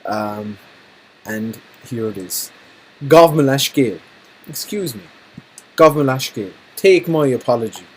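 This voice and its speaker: Teacher, male, husky, patient and jokey, drills phrases for kids. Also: mid-range voice, animated, low-quality recording. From Ireland. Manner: jokey, repeats phrases slowly for learners. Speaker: Irish language teacher. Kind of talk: recorded language lesson.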